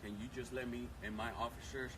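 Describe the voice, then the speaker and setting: A man working as a police sergeant, speaking calmly and asking measured questions outdoors. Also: mid-range voice.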